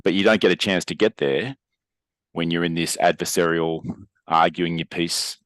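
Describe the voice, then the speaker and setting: A man's voice: low voice, steady tone, normal speed, a bit bright, dry recording. A man co-hosting a podcast, explaining a point in a thoughtful, conversational way. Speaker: podcast co-host. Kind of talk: casual conversation.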